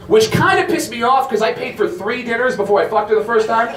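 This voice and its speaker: A man's voice: very high-pitched, a little fast, echoey room, distant mic, background noise. A man doing a stand-up comedy set, telling stories in a brash, profane way. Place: comedy club stage.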